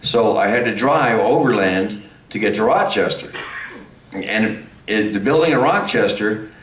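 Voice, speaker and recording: A former circus clown on a convention panel telling a long anecdote, rambling with restarts and self-mocking laughs. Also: male voice, lowish voice, animated, measured pace. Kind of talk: telling a funny anecdote to an audience. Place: convention hall. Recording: echoey hall, mic some distance off.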